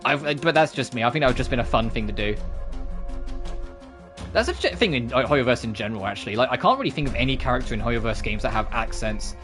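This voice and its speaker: A man's voice: medium pitch, fast talker, music in the background. A man streaming games, chatting casually at the end of a session and wandering off on tangents. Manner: rambling, full of self-corrections and asides.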